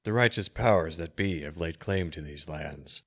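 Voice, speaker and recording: A man voicing a cruel, frail old sorcerer in a storybook reading, speaking raspy, slow and cold with a hissing edge. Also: low-pitched, a bit bright, dry recording, clean studio sound. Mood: menacing. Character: cruel menacing old male sorcerer, frail yet powerful.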